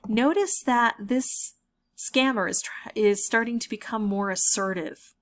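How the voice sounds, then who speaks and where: A woman's voice: fairly high pitch, unhurried. A woman who makes gaming videos, giving playful, wry commentary with an amused, explanatory manner. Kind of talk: playful commentary reading chat messages aloud.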